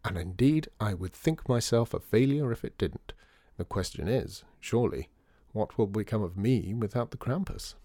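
A man's voice: lowish voice, expressive, moderate pace, mellow, no room sound, clean studio sound. A man playing a theatrical charmer. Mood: charming. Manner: theatrical, persuasive. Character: charming smooth-talking man, theatrical showman.

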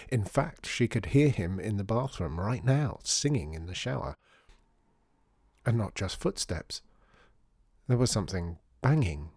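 A man narrating a children's storybook in a measured, hushed manner. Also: lowish voice, breathy edge, no echo, clean studio sound.

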